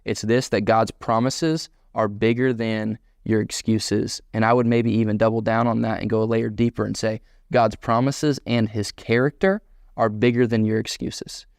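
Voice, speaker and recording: A man preaching a sermon as pastor, animated and emphatic, voicing quoted dialogue in bursts. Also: lowish voice, moderate pace, gravelly, dry recording, studio quality.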